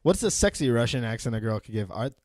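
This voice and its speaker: A man's voice: medium pitch, expressive, fast talker, a little mellow, no room sound, clean studio sound. A young man co-hosting a crude comedy podcast, swearing freely and laughing often in playful banter. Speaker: podcast co-host.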